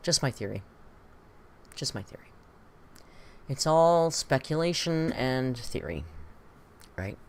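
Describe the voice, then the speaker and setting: A British woman streaming a reaction, her voice rising and falling in lively swings. She gossips, wonders aloud and breaks into laughs as she goes. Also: extremely low pitch, slow, pauses often, slight background noise. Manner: chatty and gossipy, laughs often, muses aloud. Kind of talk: casual commentary on video clips.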